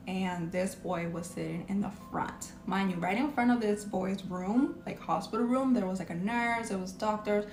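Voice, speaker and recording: A woman's voice: mid-range voice, darkish tone. A woman telling a story from her hospital job in a chatty, casual way, with many filler words. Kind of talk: casual storytelling from a social video clip. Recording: echoey room.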